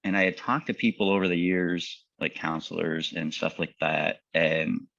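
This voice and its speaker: A man, a paramedic, telling his personal story in a halting way, full of fillers and repeated words. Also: low-pitched, fairly even intonation, vocal fry, a bit bright, no room sound, lo-fi sound. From Canada. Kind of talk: personal testimony talk.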